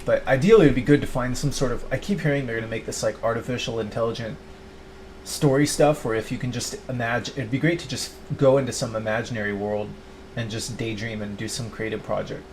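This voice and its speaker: A man's voice: medium pitch, steady tone, fast, slight background noise. A middle-aged man talking to camera for his own channel. He rambles, full of "like" and restarts, and acts out quotes of his own past self. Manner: quotes himself in mock voices. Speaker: YouTuber. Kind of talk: rambling confessional monologue.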